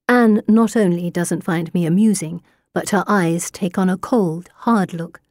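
Warm, low-voiced woman narrating an audiobook. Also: unhurried, no room sound, clean studio sound. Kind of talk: first-person audiobook narration.

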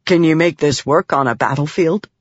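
A woman reading an audiobook voices an eager young nobleman soldier, raising her pitch and talking earnestly, in a dry, slightly muffled recording. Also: moderate pace, no room sound.

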